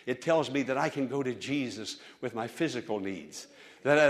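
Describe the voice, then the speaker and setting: A male pastor preaching a sermon, building to loud, fervent appeals to the congregation. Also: mid-range voice, lively intonation, normal speed, soft background music.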